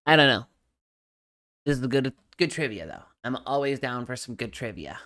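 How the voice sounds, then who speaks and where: A woman's voice: a bass voice, sing-song, unhurried, fairly bright tone. Woman streamer, casual chat, playful, talks to viewers off the cuff. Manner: playful, chatty, reacts aloud. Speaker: live streamer.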